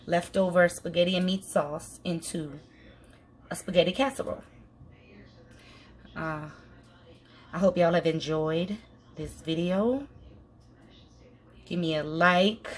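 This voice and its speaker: A woman chatting through a cooking demonstration in her home kitchen, folksy and addressing viewers directly. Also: lowish voice. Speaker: cooking vlogger.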